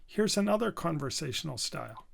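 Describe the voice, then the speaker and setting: Gravelly-voiced male communication coach. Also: fairly high pitch, big pitch swings, dry recording, studio quality. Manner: clear, deliberate teaching delivery with slowed demonstration readings. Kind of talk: instructional video lesson.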